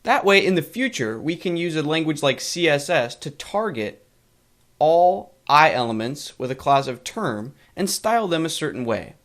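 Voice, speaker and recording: A man teaching web development in a screencast coding lesson, explaining things in a measured way with emphasis on key points. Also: on the high side, big pitch swings, fairly bright tone.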